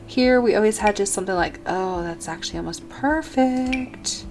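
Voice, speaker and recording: A woman with a mid-range voice chats casually through a game build, wandering from thought to thought and often correcting herself. Her commentary sits over soft background music. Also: medium pitch, normal speed. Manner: rambling, self-correcting, thinking aloud. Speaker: gaming video creator.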